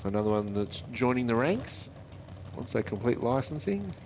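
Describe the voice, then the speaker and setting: A man calling drag races live, chatty and quick with times and speeds. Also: mid-range voice, big pitch swings, a little mellow. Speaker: drag racing commentator. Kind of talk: live race commentary. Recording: faint track noise behind.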